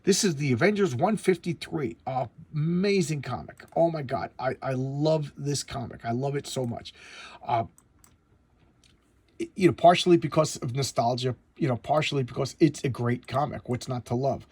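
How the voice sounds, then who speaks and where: A man's voice: medium pitch, normal speed, darkish tone, breathy edge, dry recording. A middle-aged man chatting casually about old comics, enthusiastic and rambling, with lots of stammered restarts. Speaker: comic collector host. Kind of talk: casual comic review chat.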